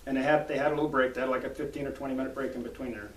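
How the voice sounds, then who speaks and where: A man chats as a cowboy poet guest in a folksy, storytelling way. His voice sits at a middle pitch. He is recorded in an echoey room from a distance, with a faint hiss behind him. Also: steady tone, rapid-fire. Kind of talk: casual interview chat.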